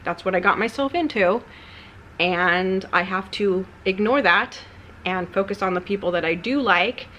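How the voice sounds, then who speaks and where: A woman's voice: mid-range voice, moderate pace, a bit bright, dull audio, a little hiss or hum. A woman YouTuber talking candidly and a bit ramblingly in a personal vlog, her tone subdued and confessional.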